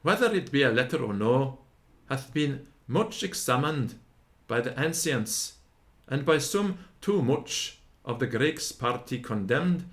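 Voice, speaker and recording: Man reading a grammar lesson aloud, unhurried, sounds out every example word one by one. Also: mid-range voice. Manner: slow, deliberate, sounding out each example word.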